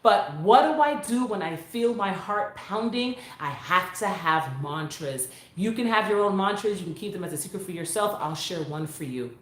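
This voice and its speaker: A woman chatting casually with viewers on her phone, animated and talkative. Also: on the low side, moderate pace, few pauses, slight background noise. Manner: animated, chatty, bursts into sung vocal runs. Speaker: vlogger. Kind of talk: casual live chat to viewers. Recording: echoey room on a phone.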